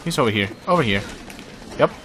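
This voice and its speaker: A man's voice: medium pitch, animated, a little fast. Jumpy man narrating his own gameplay. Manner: jumpy, self-mocking, talks to game characters. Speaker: gameplay commentator. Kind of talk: casual let's-play commentary.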